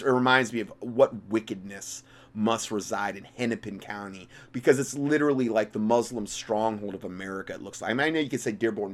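A man hosting a talk show, giving an impassioned, rambling commentary full of restarts. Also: lowish voice. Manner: impassioned, rambling, with frequent restarts and big swings in loudness. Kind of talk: religious political commentary monologue.

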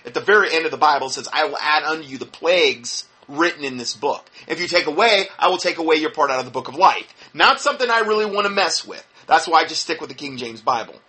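A man giving critical religious commentary in a sarcastic, indignant, scoffing manner, with a husky voice. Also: fairly high pitch, bright, forceful tone.

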